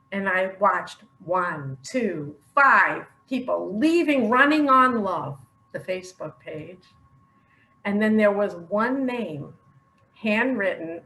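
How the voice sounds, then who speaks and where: Recording a personal video in an echoey room, this older online religious speaker is sincere and emotional, frequently laughing as she goes. Her delivery is slow and stretched out, with wide pitch movement and a pushed, bright quality. A little background noise can be heard.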